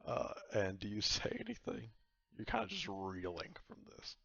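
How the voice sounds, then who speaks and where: A man's voice: lowish voice, huge pitch swings, moderate pace, gravelly, a bit bright, slightly rough, no room sound, lo-fi sound. A man running a tabletop game as game master, narrating loosely and laughing often.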